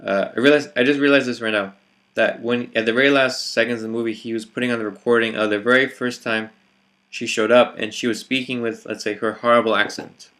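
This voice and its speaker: A man's voice: medium pitch, steady tone, brisk, a bit bright. A man vlogging his reflections in a hesitant, casual monologue, full of fillers and restarts.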